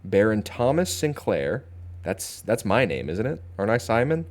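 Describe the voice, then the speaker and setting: Young male streamer, deep and animated, casual chatty game commentary. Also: moderate pace. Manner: chatty, talks to chat, thinks aloud, playful. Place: home streaming setup.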